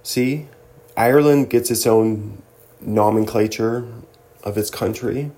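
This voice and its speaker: A man's voice: lowish voice, slow pace, mellow. A young man hosting a casual solo commentary, joking and laughing often as he reads through a list. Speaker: host.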